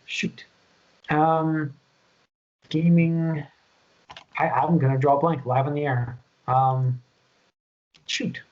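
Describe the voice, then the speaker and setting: A man's voice: on the high side, level tone, slow, long pauses, a little mellow. A man hosting a casual gaming podcast, easygoing and rambling as he searches for his next point. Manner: easygoing, loses his train of thought. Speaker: podcast host. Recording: dull lo-fi podcast audio.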